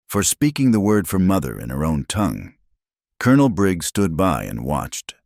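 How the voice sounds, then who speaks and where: Deep-voiced male story narrator. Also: big pitch swings, moderate pace, vocal fry, a little mellow, dry recording, studio quality. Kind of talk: scripted audiobook narration.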